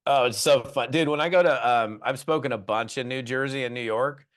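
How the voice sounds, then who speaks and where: A West Coast man hosts an interview podcast, joking with his guest in a friendly, casual way and saying "you know" and "uh" a lot. His medium-pitched voice is a little fast and fairly bright.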